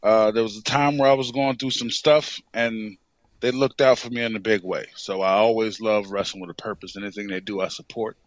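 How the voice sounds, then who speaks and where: A man, a pro wrestler, telling an animated story in an interview and often saying "you know what I'm saying". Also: lowish voice, a little fast, no echo, lo-fi sound.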